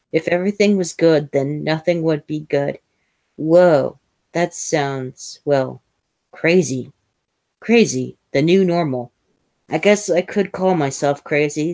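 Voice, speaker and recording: Low-voiced woman reading a novel aloud. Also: a little mellow, no echo. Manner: measured reading with small slips and restarts. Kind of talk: first-person novel reading.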